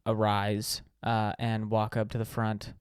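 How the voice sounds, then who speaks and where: A man co-hosting a casual podcast, telling a rambling story full of fillers and restarts. His voice is smooth and resonant, recorded dry and close. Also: on the low side, completely flat delivery, measured pace, no echo. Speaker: podcast co-host.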